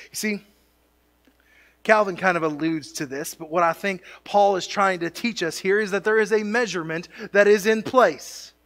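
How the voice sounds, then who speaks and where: High, bright-voiced pastor preaching. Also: male voice. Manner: jokey asides, builds to emphatic peaks. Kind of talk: sermon. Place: church sanctuary.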